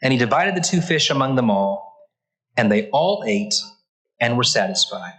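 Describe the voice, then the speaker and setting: A man's voice: mid-range voice, animated, normal speed, fairly bright tone, rough recording. A man teaching a church Bible class, reading scripture aloud and stopping to explain it with earnest, emphatic repetition. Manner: reads passages then stops to comment.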